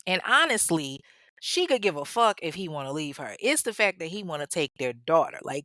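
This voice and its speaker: A woman's voice: lowish voice, big pitch swings, moderate pace, bright, forceful tone, no room sound, clean studio sound. A woman podcast host telling a true-crime story casually, with sassy, profane, humorous asides.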